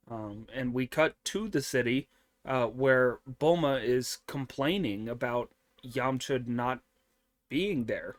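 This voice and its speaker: A man's voice: mid-range voice, animated, takes it slowly, no room sound. A man hosting an anime review show, recapping an episode in a casual, rambling way with many fillers and offhand swearing.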